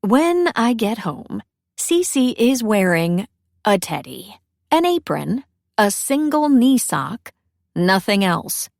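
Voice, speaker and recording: A woman's voice: medium pitch, no room sound, studio quality. A young adult woman narrating a first-person romance audiobook in a wry, self-deprecating way.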